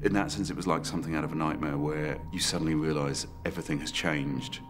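A man recounting an assault in documentary testimony, measured and reflective with halting pauses. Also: very deep voice, fairly even intonation, background noise. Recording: music bed under the voice.

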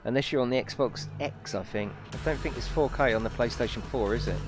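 A man's voice: mid-range voice, brisk. A man chatting casually with viewers while racing on a live stream, bantering and swearing now and then. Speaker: game streamer. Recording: loud game music over voice.

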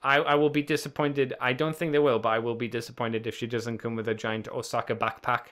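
A man's voice: medium pitch, little pitch movement, fairly quick, a bit bright. A man co-hosting a casual podcast, rambling along, swearing easily and chuckling often. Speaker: podcast co-host. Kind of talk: casual chat.

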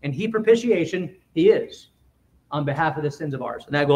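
A man preaching a sermon in a church, emphatic, with quick asides and swings between loud and quiet. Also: a little high. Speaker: pastor.

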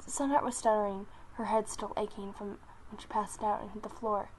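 A young woman telling an animal story, reading slowly and haltingly with restarts and soft whispered asides. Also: medium pitch, steady tone, a little hiss or hum, rough recording. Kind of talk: story narration.

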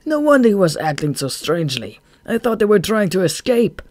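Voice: medium pitch, big pitch swings, a little fast, a little mellow, no room sound, voice pushed up, natural voice. A reader voicing a menacing giant bat leader. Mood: contemptuous. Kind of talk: audiobook character voice.

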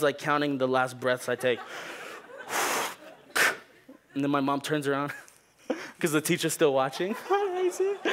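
A young man preaching a sermon, telling a funny story and acting out the people in it. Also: fairly high pitch. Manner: animated, jokey, acts out people in the story. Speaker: pastor.

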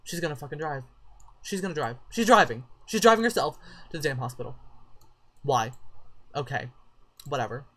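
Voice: medium pitch, sing-song, normal speed, long pauses, a bit bright. A gameplay commentator giving casual let's-play commentary, sassy and profane, scolding the characters on screen.

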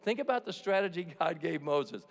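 A man's voice: on the high side, animated, normal speed, gravelly. A man preaching a sermon as pastor, in an emphatic and jokey way, acting out the people he quotes. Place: large church sanctuary. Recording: long reverb of a church hall.

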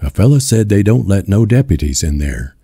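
A man's voice: lowish voice, very animated, fairly quick, dark tone, husky, no room sound, studio quality, voice pushed up, full character voice. A man voicing a tense, restrained young farmhand who speaks in a clipped rural drawl, in a storybook reading.

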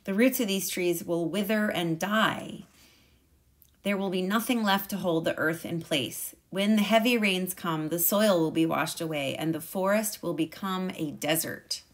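A woman's voice: on the low side, unhurried. A woman voicing a troop of monkeys who chatter their warnings in a storybook read-aloud.

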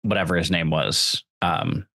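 A man's voice: low voice, fairly even intonation, measured pace, pushed and bright, no echo, studio quality. A man co-hosting a podcast, explaining points about a book and its film in a thoughtful, casual way. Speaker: podcast co-host. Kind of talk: casual movie-review chat.

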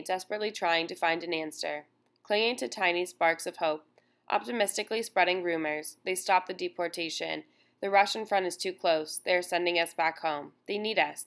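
A woman reading a first-person memoir aloud in a solemn, measured way. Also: on the low side, a bit bright. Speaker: audiobook narrator.

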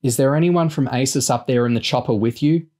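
A man raises his voice to play a fed-up woman intelligence officer in a storybook reading. She speaks high and urgent, shouting her warnings with mounting exasperation. Her tone stays sharp and insistent. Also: fairly quick, lightly acted. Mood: exasperated shouting.

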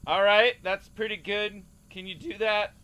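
A man's voice: high-pitched, steady tone, bright, forceful tone, clean tone. A man hosting a game play-through, joking as a mock casting director. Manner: slow, mock-official casting director bit. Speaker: gaming channel host.

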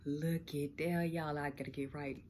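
Chatty woman vlogger, lowish voice. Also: fairly even intonation, unhurried, darkish tone. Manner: chatty, laughs often, lots of y'all. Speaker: unboxing vlogger. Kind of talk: casual chat to camera. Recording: noisy home recording.

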